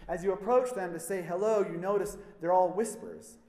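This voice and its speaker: A man's voice: high-pitched, normal speed, warm tone, slight background noise. A man preaching a sermon, telling a story in a conversational style with a wry sense of humor. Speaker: pastor. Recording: echoey hall reverb.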